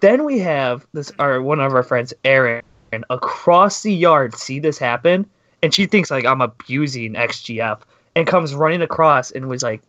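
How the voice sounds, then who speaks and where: A man's voice: medium pitch, lively intonation, moderate pace, a bit bright, dry recording. A young man telling a story to his friends in casual chat, quoting his own lines and others' as dialogue. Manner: chatty, quotes himself in dialogue. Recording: dry, dull lo-fi sound.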